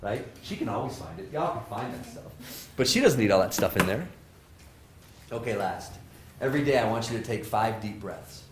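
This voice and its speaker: A man, a professor, giving a lively motivational talk to students, joking and asking the audience questions. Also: on the low side, normal speed, background noise. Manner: animated, jokey, asks the audience questions. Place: lecture hall with audience. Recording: roomy hall sound.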